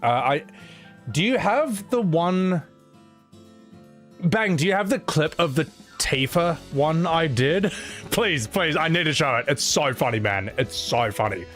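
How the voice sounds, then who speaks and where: A man's voice: on the high side, lively intonation, unhurried, fairly bright tone, faint music behind. A man streaming, chatting casually and animatedly, laughing often and swearing freely.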